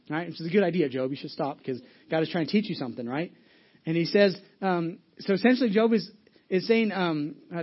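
A man's voice: a little high, a little fast, lo-fi sound. A man pastor giving a conversational sermon, often acting out Bible characters with humor.

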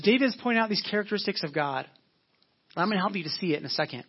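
A man preaching a sermon as pastor, earnest, repeating phrases for emphasis and slowing down when reading scripture. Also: high voice, lively intonation, husky, lo-fi sound.

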